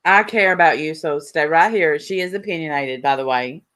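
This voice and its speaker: A woman's voice: low voice, moderate pace, a bit bright. Blunt, gossipy woman hosting a stream. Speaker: live stream host. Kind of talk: casual live stream chat.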